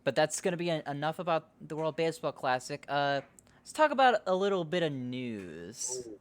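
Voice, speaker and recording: A man's voice: a little high, very animated, normal speed. A man hosting a podcast in a loose, rambling chat, swearing and laughing easily. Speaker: podcast host. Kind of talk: casual chat.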